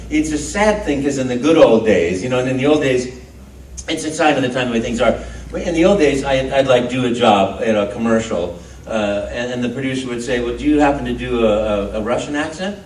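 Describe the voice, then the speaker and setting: A man's voice: medium pitch, normal speed, slight background noise. A male voice actor answering audience questions at a convention panel, telling stories playfully and acting out the dialogue. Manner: animated, playful, acts out quoted dialogue. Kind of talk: storytelling Q&A with an audience. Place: large convention hall. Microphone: phone recording from the audience. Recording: echoey hall, distant phone mic.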